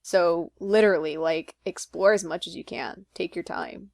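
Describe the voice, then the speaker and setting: A woman co-hosting a casual podcast, upbeat and full of fillers. Her voice is low and gravelly with vocal fry. The sound is dry and close, with no room echo. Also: fairly even intonation, normal speed, darkish tone. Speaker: podcast co-host. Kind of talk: casual chat.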